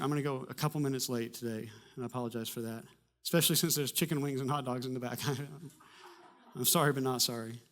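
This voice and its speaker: Delivering a sermon in church, this mid-range male pastor shares a personal anecdote casually, punctuated by humor and energetic outbursts.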